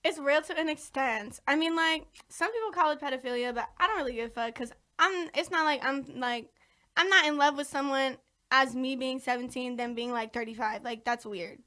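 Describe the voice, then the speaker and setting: A woman's voice: high-pitched, a little fast, pushed and bright. A young woman talking frankly as a podcast guest, slangy and full of "like" and swearing. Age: young adult. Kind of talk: casual interview chat.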